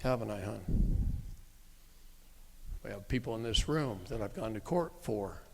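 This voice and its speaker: A man's voice: on the low side, animated, a little slow, creaky, in a large hall, a little hiss or hum. A middle-aged man telling a story to a live audience in a blunt, folksy, emphatic way, with occasional cursing. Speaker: speaker at a live event. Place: meeting room with an audience.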